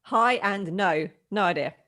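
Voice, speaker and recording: A woman's voice: mid-range voice, a little slow, fairly bright tone. A woman speaking as a guest on a casual podcast, frank and good-humoured.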